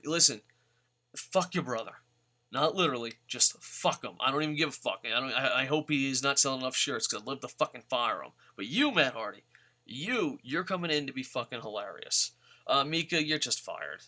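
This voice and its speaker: A man's voice: medium pitch, bright, forceful tone. A man ranting bluntly and profanely about wrestlers in a rambling vlog. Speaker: wrestling vlogger. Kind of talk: casual profane rant.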